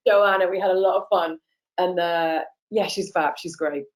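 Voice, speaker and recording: Actress guest, lowish voice, relaxed and friendly, on a video call. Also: female voice, normal speed, low-quality recording. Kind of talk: casual interview chat.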